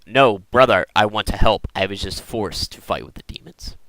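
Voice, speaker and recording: A man putting on a pleading male demon hunter, hurried and high-strung, with a bright, crisp voice. The voice begs for a second chance. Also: no room sound.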